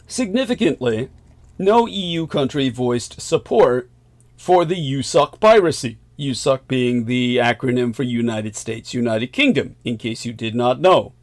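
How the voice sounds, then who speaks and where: A man's voice: mid-range voice, lively intonation, measured pace. A male host delivering a long current-affairs monologue, emphatic, with sardonic asides and chuckles.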